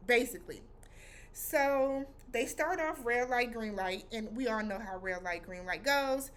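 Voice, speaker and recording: Animated, slangy woman recapping a show. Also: a little high, a little slow. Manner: animated and slangy, acts out reactions. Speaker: vlog host reviewing a TV episode. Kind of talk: casual recap vlog.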